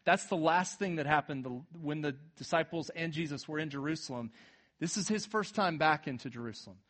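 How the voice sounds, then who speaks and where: A man preaching a sermon, retelling scripture casually and swinging from emphatic peaks to low, quiet moments. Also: brisk. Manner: animated, builds to emphatic peaks then drops low and quiet. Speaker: pastor.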